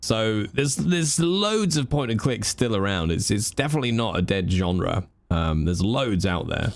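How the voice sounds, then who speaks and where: A man's voice: lowish voice, sing-song, normal speed. A man chatting casually and jokingly while streaming a game. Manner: chatty, rambling, jokey. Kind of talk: casual live-stream commentary.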